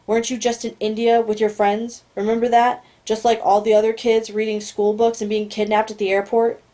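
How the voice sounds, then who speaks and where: A woman's voice: on the high side, brisk, close to an everyday voice. Woman reading as a cold male government agent. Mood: detached probing. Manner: flat, clipped questioning. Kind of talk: audiobook character voice.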